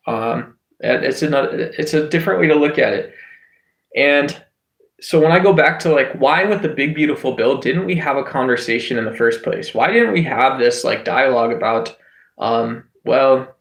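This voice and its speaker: A man's voice: mid-range voice, a bit bright, reverberant. A man hosting a casual livestream chat, rambling with lots of filler words and restarts. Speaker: livestream host.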